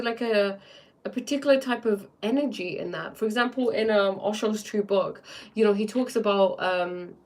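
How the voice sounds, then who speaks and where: A woman hosting a live stream, talking casually and excitedly to her chat, rambling with lots of fillers and "right?" tag questions. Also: medium pitch. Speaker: livestream host.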